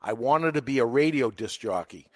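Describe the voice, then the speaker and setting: Speaking in a mid-range voice at a normal speed, this Boston-accented man sells cigars and chats casually on a podcast. His stories come alive as he performs the quotes himself. No room sound is audible.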